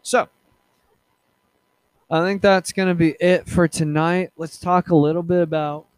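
A man hosting a casual solo podcast, rambling with many fillers, restarts and halting pauses. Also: fairly high pitch, steady tone, clear, resonant tone, no echo. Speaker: podcast host.

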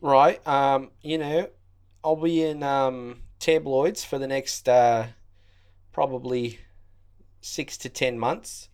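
A man on an improvised comedy podcast, speaking in a deadpan, halting way with many pauses. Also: mid-range voice, clear, resonant tone. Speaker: podcast guest.

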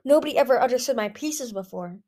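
A woman's voice: on the high side, animated, quick pace, a little mellow, voice pushed up, natural voice. A woman voicing a shy, artistic young male dragon who talks hesitantly.

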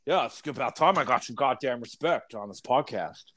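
A man's voice: mid-range voice, expressive, moderate pace, fairly bright tone. A man putting on a swaggering older wrestler-turned-governor, blustering and boastful.

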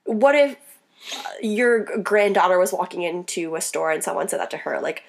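A young woman co-hosting a casual chat, telling stories in a crude, animated way. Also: lowish voice, normal speed. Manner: crude, animated storytelling with frequent laughter.

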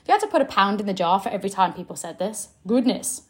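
A woman's voice: mid-range voice, big pitch swings, fast. A young woman giving blunt, emphatic coaching advice straight to her audience. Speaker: sales coach. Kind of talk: direct coaching talk to camera.

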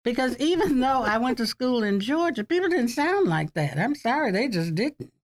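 A woman's voice: fairly high pitch, big pitch swings, moderate pace. Older woman telling stories with frequent laughter. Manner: chatty storyteller, laughs often. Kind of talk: oral history interview.

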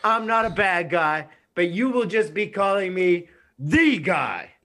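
A man's voice: high-pitched, expressive, bright, forceful tone, pitched above the performer's own voice, heavily acted. A man on a video call from a bathroom playing a swaggering wrestler in a mock promo, trash talking. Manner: swaggering trash talk, drawn-out delivery. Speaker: fantasy league commissioner. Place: bathroom, door shut.

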